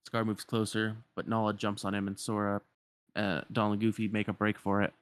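A man's voice: on the low side, completely flat delivery, fairly quick, clean tone. A man casually retelling a video game cutscene, chatty, with lots of fillers and restarts.

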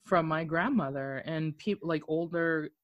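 A woman from Okinawa in casual conversation with friends, talking in an animated, candid way and swearing now and then. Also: low-pitched, unhurried, dry recording, dull audio. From Okinawa, Japan. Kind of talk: casual chat.

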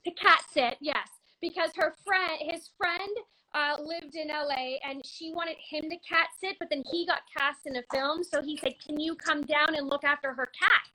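A woman from Canada in her thirties, chatting casually and telling an animated story, often laughing and breaking into shouts as she acts out moments. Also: sits high, moderate pace, poor audio. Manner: animated, laughing, bursts into shouts when reenacting.

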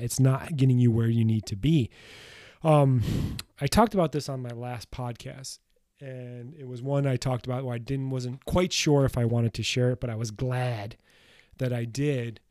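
Man hosting a solo podcast. Mellow voice, blunt and emphatic, swears casually. Dry, close recording. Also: medium pitch, no echo. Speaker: podcast host.

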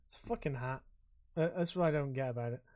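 A podcast co-host chats casually, rambling, swearing, and laughing often. His mid-range voice moves at a quick pace and has a slightly mellow quality.

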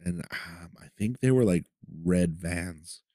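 Slow-paced and warm, with a voice that sits low, this man hosts a podcast and shares a personal story in a profane, conversational style, frequently asking "right?". The casual storytelling is set in Los Angeles, recorded at studio quality with no room sound.

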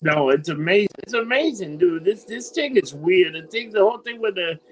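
A man from New York talking in an animated, profane way in a casual chat, often calling his friend "dude". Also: high voice, a little fast, low-quality recording.

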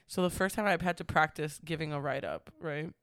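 A woman's voice: low-pitched, a little fast, a bit bright, clean tone, dry recording, clean studio sound. A young woman telling work stories in a casual chat, packed with "like" fillers. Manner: chatty, storytelling, heavy "like" filler.

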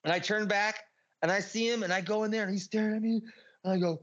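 A man telling a story as a podcast guest, rambling and excitable, swearing a lot and packing his talk with filler words. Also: high-pitched, quick pace, lo-fi sound. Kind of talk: casual storytelling.

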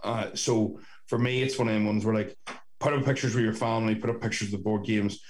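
A man's voice: fairly low pitch, fairly even intonation, fairly quick. A young Northern Irish man co-hosting a podcast over a video call, rambling and swearing in casual chat. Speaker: podcast co-host. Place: sister's bedroom at home.

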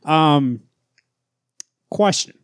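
A man's voice: a little high, animated, very slow, clean tone, no room sound, studio quality. A man co-hosting a casual podcast chat, talking bluntly and emphatically with plenty of swearing. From Central or South America family roots. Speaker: podcast co-host.

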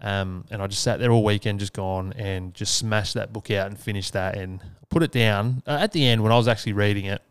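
A man's voice: lowish voice, a little fast, hardly any pauses, clear, resonant tone, dry recording, studio quality. An Australian man hosting a solo podcast, talking casually and earnestly, swearing freely. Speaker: podcast host.

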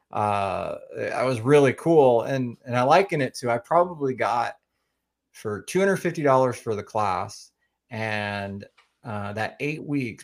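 A man from Oklahoma with a slight Oklahoma accent, a podcast guest chatting casually and rambling with many fillers and restarts. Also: fairly low pitch. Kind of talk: casual interview chat.

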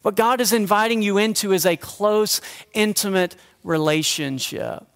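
A man preaching a sermon as a pastor, talking with the congregation in a conversational, joking way and dropping his voice to a hush for emphasis. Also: high voice, normal speed, clean tone. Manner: drops to a hushed near-whisper for emphasis, then lifts again. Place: church sanctuary.

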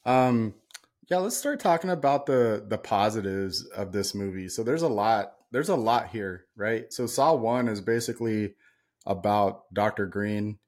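A man's voice: on the low side, lively intonation, unhurried, a little mellow. A man co-hosting a casual movie podcast, talking bluntly and ranting with plenty of swearing. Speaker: podcast co-host. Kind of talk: casual chat.

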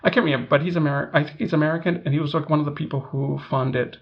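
A man's voice: fairly high pitch, steady tone, rapid-fire, creaky, dull audio. A man co-hosting a podcast in casual chat, rambling with many fillers and restarts. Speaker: podcast co-host.

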